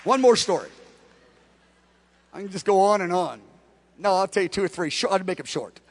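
A man's voice: sits high, animated, moderate pace. A male pastor who tells stories in a sermon and acts out all of the dialogue. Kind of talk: storytelling sermon.

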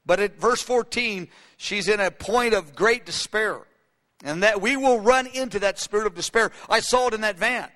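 A man's voice: high voice, normal speed, bright, forceful tone. A man preaching a sermon, telling a story with many fillers and restarts. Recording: long hall reverb.

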